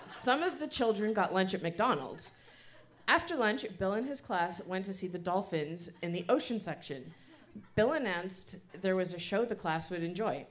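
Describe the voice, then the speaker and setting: A woman reads a story aloud to a live audience, animated and amused as she tells it. Her voice is lively and swoops widely, sitting at a middling pitch for a woman. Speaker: reader of her childhood writing.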